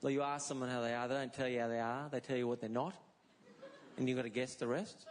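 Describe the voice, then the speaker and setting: A man's voice: mid-range voice, quick pace. Australian man doing stand-up, laughing crowd. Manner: storytelling with voiced characters, animated impressions. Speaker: stand-up comedian. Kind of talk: stand-up comedy set. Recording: live set with audience crowd and noise. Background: audience laughter.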